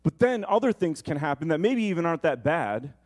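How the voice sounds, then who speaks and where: A man's voice: a little high, big pitch swings, darkish tone. Earnest man preaching a sermon. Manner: earnest and personal, shifting between slow emphasis and quick asides. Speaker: pastor. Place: church sanctuary.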